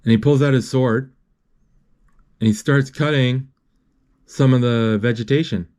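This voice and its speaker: Man haltingly retelling a movie. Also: medium pitch, fairly even intonation, a little mellow. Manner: halting, with many restarts and self-corrections. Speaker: movie recapper. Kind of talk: live retelling of a movie as he watches.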